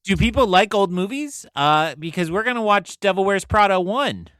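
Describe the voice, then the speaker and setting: A man's voice: sits high, lively intonation, normal speed, fairly bright tone, clean tone, no room sound. A man hosting a casual podcast chat, joking and laughing as he talks. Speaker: podcast host.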